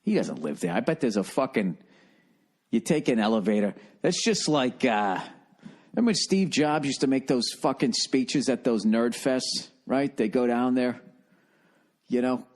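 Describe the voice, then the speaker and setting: A male comedian hosts his podcast, talking at a middle pitch. He rambles through a profane comic rant and curses often. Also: lively intonation, moderate pace. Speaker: podcast host.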